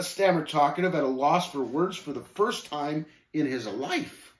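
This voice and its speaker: A man reading a story aloud in a church setting, with animated, expressive storytelling. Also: a little high, measured pace, few pauses, roomy sound. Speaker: reader. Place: church room.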